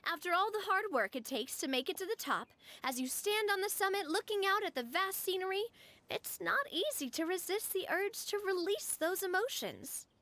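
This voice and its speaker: A woman's voice: extremely high pitch, lively intonation, normal speed, bright, forceful tone, dry recording, exaggerated voice. A woman playing a cheerful, outgoing young woman who talks in a breezy, encouraging way. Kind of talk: game dialogue voice acting. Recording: game cutscene with faint music.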